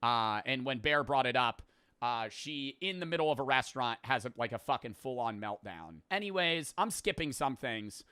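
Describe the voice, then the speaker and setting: A man's voice: medium pitch, expressive, normal speed, bright, forceful tone, clear, resonant tone, no echo. A man hosting a podcast, rambling through a profane, casual plot recap full of filler words. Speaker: podcast host. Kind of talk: casual storytelling.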